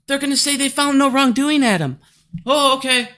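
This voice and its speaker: A man delivers a heated, profane market rant straight at his audience. His voice sits high and has a bright, sharp edge. He argues hard and swears constantly without letting up. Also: moderate pace, slight background noise. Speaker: stock market commentator. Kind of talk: angry ranting vlog.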